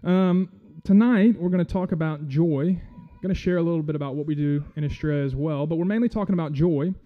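A man's voice: fairly high pitch, fairly quick, dull audio, faint music behind. A man giving a casual, self-deprecating sermon as a guest church speaker, with many fillers.

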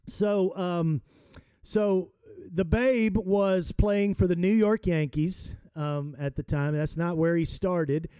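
Man, pastor, sermon storytelling, high voice, mellow tone, conversational with fillers. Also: clear, resonant tone, dry recording. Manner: conversational, hesitant with fillers, slows for emphasis. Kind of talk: sermon with storytelling and scripture reading.

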